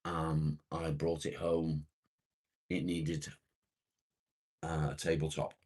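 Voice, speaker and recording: A man with an extremely low, husky voice hosts a laid-back morning live chat. He rambles unhurriedly, greets viewers by name and answers their comments as he goes. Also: completely flat delivery, slow pace, darkish tone. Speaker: live-stream host reading viewer comments.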